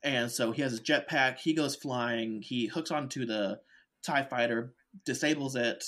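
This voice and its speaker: A young adult man co-hosting a laid-back recap podcast, speaking at a middle pitch. He walks through the plot step by step in an easygoing way. He drops dry jokes along the way. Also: unhurried, fairly bright tone. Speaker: podcast co-host. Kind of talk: casual episode recap chat.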